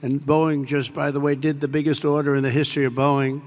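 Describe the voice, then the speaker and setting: A man's voice: on the high side, little pitch movement, fairly quick, a little mellow. An older American man giving a rambling, off-the-cuff speech to troops, full of superlatives and asides. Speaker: president addressing troops. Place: large air base hall. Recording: long reverb from a large hall.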